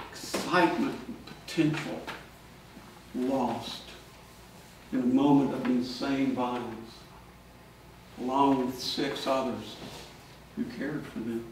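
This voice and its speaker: A man, a priest, giving a sermon in a large church and telling a story, now and then calling out his characters' lines loudly. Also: medium pitch, background noise. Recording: echoey church from far off.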